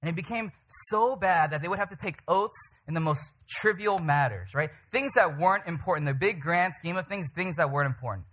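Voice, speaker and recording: A man preaching a sermon, telling stories in an animated way and often checking in with the listeners. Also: a little high, brisk, few pauses. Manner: animated, checks in with "right?" and "okay?". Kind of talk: sermon with storytelling.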